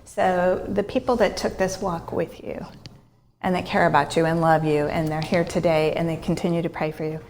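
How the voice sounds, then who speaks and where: A woman interviewing a guest, asking gentle, prompting questions. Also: fairly low pitch, little pitch movement, normal speed, slight background noise.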